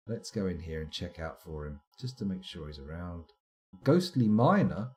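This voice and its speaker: Wry man with a lively, mellow voice. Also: low-pitched, slow pace. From United Kingdom. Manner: wry, self-mocking, chatty asides. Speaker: streamer. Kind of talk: live gameplay commentary.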